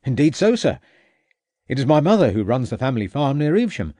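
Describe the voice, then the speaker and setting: A man's voice: mid-range voice, big pitch swings, fairly quick, dark tone, no room sound, pitched above the performer's own voice, close to an everyday voice. A man doing a hearty village constable.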